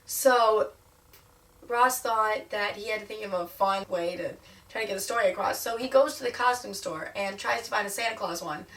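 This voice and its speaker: A young woman vlogging, retelling a sitcom episode in a bubbly, animated way, her voice sounding sick. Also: mid-range voice, normal speed, far from the mic. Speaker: vlogger and singer. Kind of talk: casual vlog storytelling.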